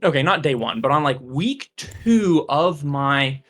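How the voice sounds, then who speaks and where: Teacher, call audio, middle pitch, patient explaining, fillers, faint music. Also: expressive, measured pace, a bit bright. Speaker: computer science teacher. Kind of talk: casual explanation on a stream.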